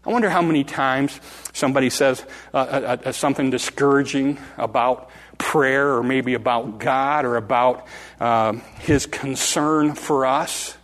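An older man preaching a sermon, dramatic and animated, acting out voices from the story. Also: mid-range voice, a little slow, in a large hall. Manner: dramatic, acts out the crowd and beggar in rising calls.

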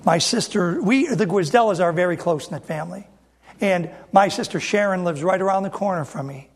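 A man's voice: sits high, a little fast. A middle-aged man preaching a sermon as an independent Baptist preacher, emphatic and repeating phrases as he speaks straight to the congregation.

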